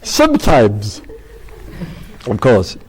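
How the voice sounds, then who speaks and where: Husky, rambling spiritual teacher. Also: male voice, on the low side, wildly swooping pitch, extremely slow, a little mellow. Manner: rambling, laughing, many restarts. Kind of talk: casual spiritual talk.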